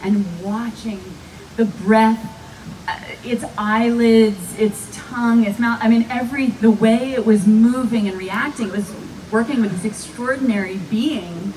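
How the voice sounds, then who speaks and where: A woman actress telling lively stories as a guest at a live fan panel, often laughing. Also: fairly high pitch, unhurried. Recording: distant mic with faint background noise.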